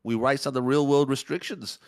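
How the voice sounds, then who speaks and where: A man's voice: mid-range voice, steady tone, brisk, no room sound. A man co-commentating a sim race in a laid-back, matter-of-fact way.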